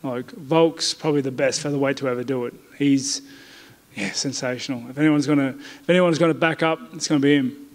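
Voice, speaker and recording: A man's voice: medium pitch, steady tone, fairly quick. A man with an Australian accent answering reporters at a media day, blunt and laid-back, often saying mate. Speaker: fighter interviewed by press. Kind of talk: casual press interview. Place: media day press area indoors. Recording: reverberant media room.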